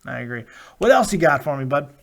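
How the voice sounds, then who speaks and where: A man's voice: fairly high pitch, very animated, quick pace, gravelly, a bit bright. A man hosting a live call-in wrestling review show, chatting casually with callers, emphatic and playful, swearing freely.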